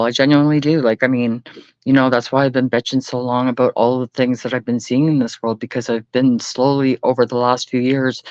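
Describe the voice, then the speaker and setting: A man's voice: mid-range voice, no room sound, muffled recording. A man hosting a late-night livestream, talking earnestly and rambling, often swearing. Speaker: livestream host.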